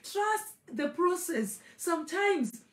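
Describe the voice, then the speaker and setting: A woman's voice: very high voice, very animated, takes it slowly. A woman preaching a sermon with fervour, repeating key phrases for emphasis. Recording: echoey room.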